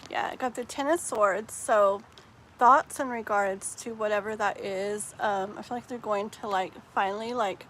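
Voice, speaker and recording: A woman's voice: mid-range voice, fairly bright tone, a little hiss or hum. A woman doing a live tarot reading, chatting casually and rambling, with lots of "like" and "um" fillers. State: tearful while telling a sad story. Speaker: tarot reader.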